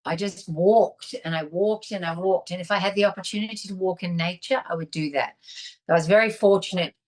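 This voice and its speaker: A woman's voice: on the low side, a little fast. A woman, a guest on a video call, telling a personal story candidly with emotion and restarts. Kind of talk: casual video-call interview.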